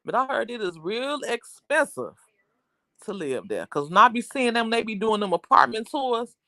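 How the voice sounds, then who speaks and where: A woman's voice: a little high, very animated, moderate pace, sharp tone, no room sound. A woman hosting a casual livestream, chatting with viewers in a rambling, talkative way. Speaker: livestream host.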